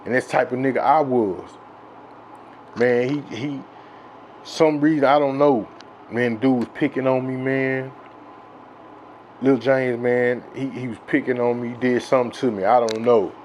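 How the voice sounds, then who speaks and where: A man from Texas telling a childhood story in a rambling, profane, filler-heavy way that grows loud and excited with laughs. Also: medium pitch, unhurried, long pauses, lo-fi sound, slight background noise. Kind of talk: casual storytelling.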